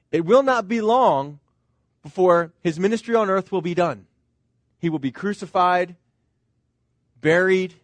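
High-voiced man preaching a sermon. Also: no echo. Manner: earnest, conversational preaching with rhetorical questions. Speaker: pastor.

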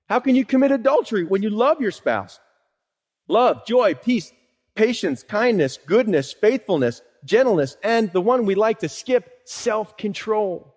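A man pastor preaching a sermon in a conversational teaching way, quoting scripture and asking rhetorical questions. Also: high-pitched. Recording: long hall reverb.

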